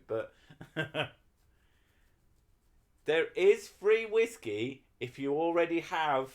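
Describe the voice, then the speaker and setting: A man chatting casually on a livestream, rambling and swearing while he talks to his viewers. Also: mid-range voice. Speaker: streamer.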